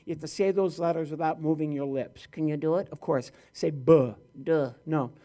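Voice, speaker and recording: A man's voice: fairly high pitch, fast talker, warm tone. A man performing live stand-up as a ventriloquist, bantering playfully with the audience at an event. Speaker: ventriloquist comedian. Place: event hall.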